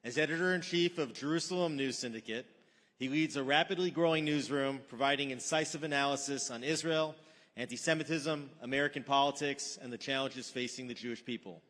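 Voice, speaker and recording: A man hosting an event, giving a measured, formal introduction of the next speaker. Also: mid-range voice, fairly bright tone. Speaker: event host. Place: large hall. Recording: long reverb of a large hall.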